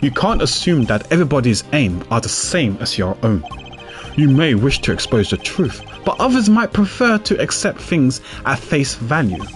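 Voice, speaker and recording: A man putting on a composed prosecutor who mentors a younger partner, speaking low and slow in a measured, lecturing way. his pitch still moves with expression, and soft game music plays faintly behind. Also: sing-song, natural voice. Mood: calm lecturing. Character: composed older male prosecutor, calm mentor. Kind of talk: reading game dialogue aloud.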